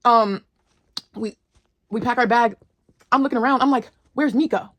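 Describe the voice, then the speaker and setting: A young woman casually telling a wild personal story to her viewers, animated and slangy. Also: a little high, normal speed, dry recording. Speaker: storyteller vlogger.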